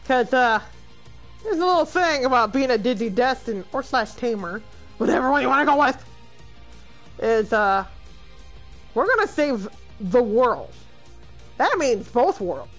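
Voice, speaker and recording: Female let's-play streamer, excitable and laughing, very animated pitch over soft game music. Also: measured pace, pauses often. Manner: excitable, exclaims and laughs often. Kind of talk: gaming commentary.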